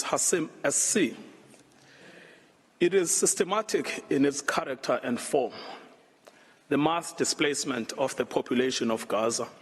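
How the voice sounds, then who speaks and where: A man delivering a formal, measured legal argument to a court. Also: a little high, breathy edge. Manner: measured, grave, deliberate. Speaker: lawyer addressing a court. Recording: long reverb in a large hall.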